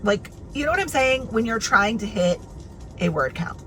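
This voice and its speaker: A woman's voice: on the high side, lively intonation, moderate pace, fairly bright tone. Chatty woman book vlogger. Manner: chatty, many filler likes and restarts. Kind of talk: casual reading vlog chat.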